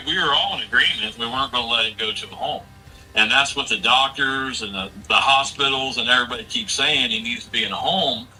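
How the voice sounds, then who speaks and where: A man's voice: medium pitch, sharp tone, recorded from a distance, poor audio. A man in his forties in casual chat, talking bluntly and with a lot of swearing as he rambles through a family story. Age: 40s. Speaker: streamer.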